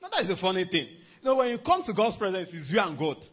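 A man preaching a sermon as a pastor, animated, often chuckling and repeating himself for emphasis. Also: sits high, quick pace, husky.

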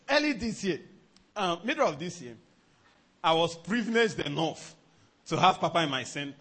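A pastor preaches in a high, lively voice that leaps up and down. His tone is bright with a husky edge, and he chuckles often as he drives his points home. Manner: animated preaching, often chuckling, repeats "let me tell you". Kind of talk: sermon.

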